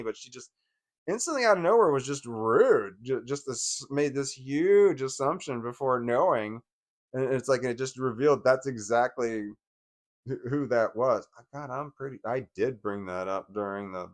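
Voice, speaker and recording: A man's voice: on the low side, moderate pace. A man talking in a casual personal monologue, swearing often, venting with restarts and bursts of laughter. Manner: profane, rambling, with frequent restarts and laughs; agitated, venting. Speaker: vlogger.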